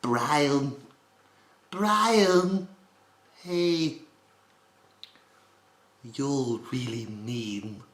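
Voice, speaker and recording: A man putting on the voice of a scheming, haughty baby boy with a nasal British accent and no gravel. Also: mid-range voice, lively intonation, extremely slow, pauses often, a bit bright, reverberant, voice pushed up. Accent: British (put on).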